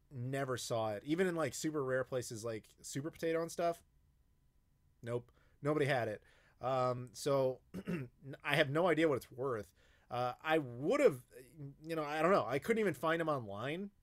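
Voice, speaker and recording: In a mid-range voice at a measured pace, an American YouTube host takes live chat questions during a casual stream. His answers ramble, peppered with fillers and profanity.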